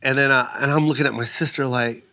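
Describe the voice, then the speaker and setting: Animated male storyteller, lots of "right?". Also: mid-range voice, fast. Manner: animated storyteller, acts out quoted people in raised voices; fillers and restarts, frequent "right?". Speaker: comedian guest telling a story. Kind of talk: casual podcast storytelling.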